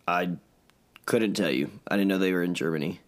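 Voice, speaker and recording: Deep-voiced man with laid-back replies. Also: a little fast. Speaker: podcast co-host. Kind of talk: casual chat.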